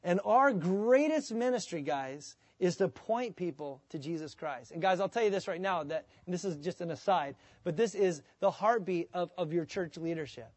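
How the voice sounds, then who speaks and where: A man preaching a sermon as pastor, in a conversational, animated way, sometimes acting out the voices of the people he quotes. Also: high-pitched, moderate pace, hardly any pauses, no echo.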